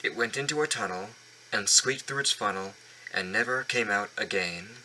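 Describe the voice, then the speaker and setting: A man's voice: lowish voice, moderate pace, background noise. A man reading a children's storybook aloud at home, often stumbling and restarting lines. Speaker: reader of a children's book. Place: home basement.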